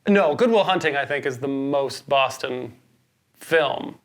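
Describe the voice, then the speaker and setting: A man co-hosting a casual movie review podcast, teasing his partner and laughing between quick opinions. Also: medium pitch, animated, heavy background noise. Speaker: podcast co-host. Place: Boston.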